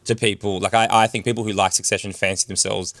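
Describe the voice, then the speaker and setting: A man's voice: fairly low pitch, little pitch movement, a bit bright, no room sound. An Australian man co-hosting a casual podcast, talking with enthusiasm and filling his sentences with "like". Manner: fast, enthusiastic, lots of "like" fillers. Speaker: podcast co-host.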